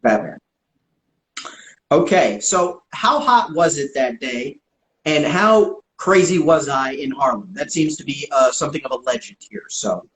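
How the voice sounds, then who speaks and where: A man hosts an interview and asks relaxed, joking questions. His voice sits a little high. The room around him echoes noticeably. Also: measured pace, slight background noise. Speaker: interview host.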